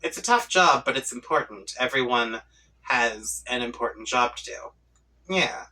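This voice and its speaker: A man's voice: medium pitch, animated, measured pace, pushed and bright, far from the mic, rough recording. A man reading a webcomic aloud, reacting as he goes and playfully voicing the chat lines. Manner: playful, reads chat lines in voices and laughs along. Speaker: comic reading channel host.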